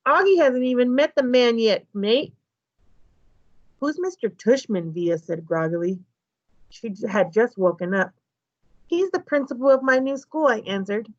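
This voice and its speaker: Brief: teacher reading a children's book aloud, woman with a slightly high voice, dry and a little muffled sound. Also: a little slow, dry recording. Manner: lively, voices the dialogue of each character.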